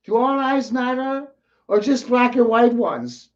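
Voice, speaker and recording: A man hosting a talk show, ranting crudely with heavy swearing, mocking asides and sudden loud outbursts. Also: extremely high pitch, animated, measured pace, dull audio. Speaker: show host.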